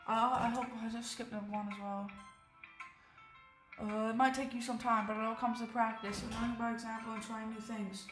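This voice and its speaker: A woman voicing a shy, articulate young woman in a literature club, soft-spoken and thoughtful as she reads a visual novel aloud. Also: fairly high pitch, natural voice. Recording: roomy, faint game music.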